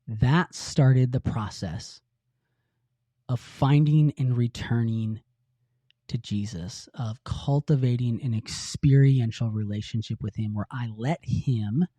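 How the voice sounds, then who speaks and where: A man's voice: medium pitch, mellow, dry recording. Earnest man telling a confessional story. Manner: earnest, halting, with frequent restarts. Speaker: podcast host.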